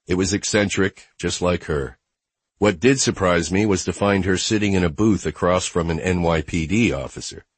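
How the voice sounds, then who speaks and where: A man narrating a first-person novel as an audiobook, in a wry, low-key manner. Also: moderate pace, breathy edge, dry recording.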